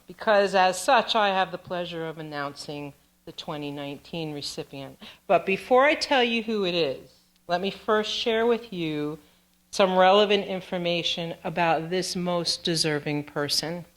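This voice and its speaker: A woman who is a community theater board president, speaking slowly and gently with some halting pauses at an awards event in a theater room. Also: on the low side. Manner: slow, gentle, halting delivery.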